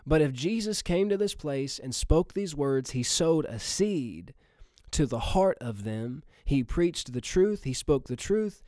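A man's voice: on the high side, lively intonation, measured pace, warm tone, no room sound, studio quality. A man preaching a sermon emphatically, repeating phrases and calling out to his listeners.

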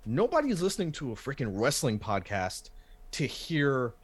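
A man's voice: medium pitch, sing-song, normal speed, husky. A man who hosts a wrestling podcast, talking casually and animatedly, swearing and restarting his sentences.

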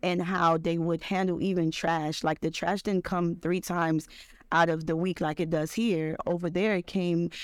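A young adult American woman, an Army veteran, telling lively stories in a casual interview and acting out the people she quotes. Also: on the low side, normal speed, clear, resonant tone, no room sound. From United States. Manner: animated, laughing storyteller who acts out quotes.

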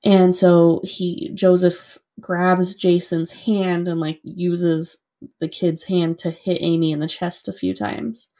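Mellow low-voiced woman telling a story. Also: flat delivery, slow. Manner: chatty, lots of "like", swears freely. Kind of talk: casual true-crime storytelling.

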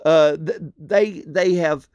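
Male preacher with a deliberate, unhurried pace and a dry sound; earnest and pleading, leans on repetition. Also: fairly high pitch, a little mellow, no echo. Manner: earnest, pleading, repeats phrases for emphasis. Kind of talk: expository sermon.

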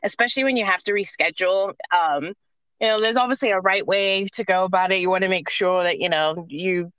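A chatty woman guest with an English accent, talking at a middling pitch and laughing often as she speaks. Her voice sounds dry and close to the microphone. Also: fairly quick, fairly bright tone, clear, resonant tone, dry recording, low-quality recording. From United Kingdom. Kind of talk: casual interview chat.

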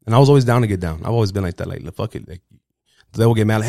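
A man's voice: fairly low pitch, rapid-fire, gravelly, mellow, no room sound, clean studio sound. A young man as a podcast guest, brash and swaggering, talking in profane street slang. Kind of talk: casual podcast interview.

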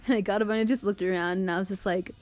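A woman's voice: mid-range voice, steady tone, racing, darkish tone. A young woman telling a story in casual chat, laughing often and using lots of filler words and swearing.

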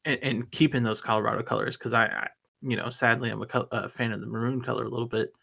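A man's voice: mid-range voice, fairly even intonation, quick pace, gravelly, bright, forceful tone, a little hiss or hum. A man co-hosting a casual sports chat, rambling and enthusiastic with lots of stammered restarts. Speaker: podcast co-host.

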